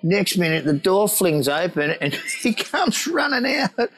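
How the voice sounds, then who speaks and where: An Australian man tells stories in a loose, laughing chat, voice sitting a touch high. He swears freely and acts out each quoted line with plenty of swing. The delivery is animated and rowdy. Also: unhurried, rough recording. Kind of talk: casual storytelling chat.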